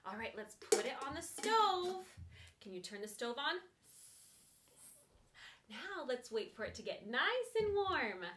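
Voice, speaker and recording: A young adult woman hosting a preschool music lesson, gentle and sing-song as she addresses toddlers. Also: high-pitched, very animated, unhurried. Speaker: children's music teacher.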